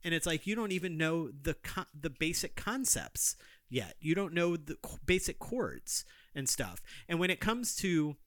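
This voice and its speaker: A man's voice: fairly high pitch, very animated, a little slow, fairly bright tone, dry recording, studio quality. A man co-hosting a podcast in casual chat, arguing his points emphatically and repeating himself for force. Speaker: podcast co-host.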